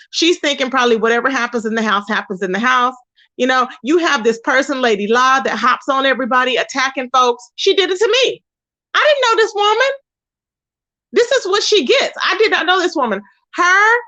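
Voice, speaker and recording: A woman hosting a casual livestream, telling stories in an animated, expressive way with loud exclamations. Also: high voice. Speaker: livestream host.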